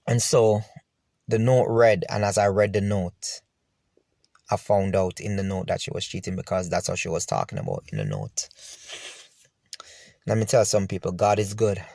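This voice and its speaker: A man's voice: fairly low pitch, gravelly, a little mellow, no room sound, studio quality. A man telling his own painful story to the viewer, emotional and repeating himself. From Jamaica. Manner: emotional, repetitive, talks straight to the viewer. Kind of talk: personal storytelling to camera.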